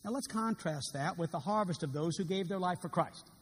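A man's voice: high-pitched, fairly quick, breathy edge. A man preaching a sermon, dramatic and earnest, acting out quoted words with rising intensity. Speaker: pastor. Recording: long reverb of a large hall.

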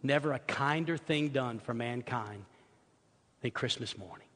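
A male pastor telling stories in a sermon, swinging from soft asides to loud, excited outbursts. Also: medium pitch, unhurried. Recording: long hall reverb.

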